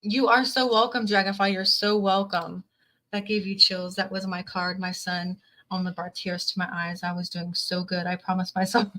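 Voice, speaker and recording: A woman's voice: medium pitch, little pitch movement, normal speed, sharp tone. A woman reading tarot on a live stream, who repeats her phrases and reads viewers' comments aloud. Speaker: tarot reader.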